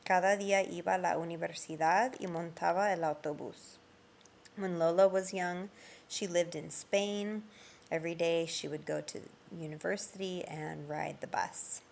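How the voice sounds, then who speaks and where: A woman's voice: lowish voice, steady tone, normal speed, vocal fry, a little hiss or hum. A woman teaching a grammar lesson, patiently explaining with frequent ums, reading example sentences and then translating them. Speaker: Spanish teacher. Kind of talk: slide-based grammar lesson.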